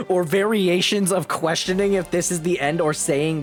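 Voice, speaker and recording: A male streamer talks casually over a video game, joking and getting loud. His pitch jumps about a lot. Game music plays clearly behind him. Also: animated, normal speed, hardly any pauses.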